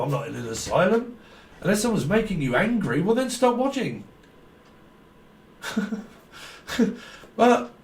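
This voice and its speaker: A man giving a rambling, free-associating tarot reading, swearing and laughing as he goes. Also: on the high side. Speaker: tarot reader. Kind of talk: stream-of-consciousness intuitive reading. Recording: echoey room, mic far off.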